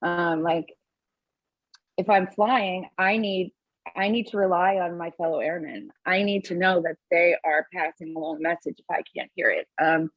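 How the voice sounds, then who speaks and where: A husky-voiced woman pilot banters as a podcast cohost, sarcastic and animated, often breaking into laughter. The sound is dry and a bit muffled. She talks in a loose, chatty way. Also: fairly low pitch, normal speed, dry recording. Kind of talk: casual podcast chat.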